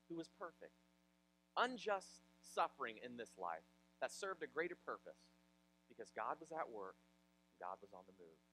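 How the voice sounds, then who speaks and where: A male pastor from Ohio, preaching a sermon in an animated, conversational way with personal stories. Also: mid-range voice, slight background noise, low-quality recording. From Ohio, USA.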